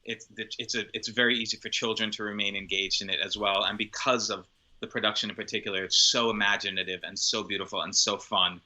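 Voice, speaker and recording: A man with a fairly low voice but a very bright, forward tone, talking in an interview. He is enthusiastic and leans on repeated words for emphasis. His delivery is relaxed and conversational, with fillers. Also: quick pace, few pauses, low-quality recording. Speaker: opera singer.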